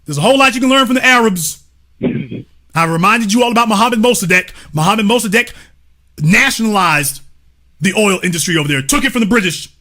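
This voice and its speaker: A man's voice: high voice, expressive, a little fast, bright, forceful tone. A man hosting a livestream, giving emphatic, profane opinion commentary and talking straight to his chat. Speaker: livestream host.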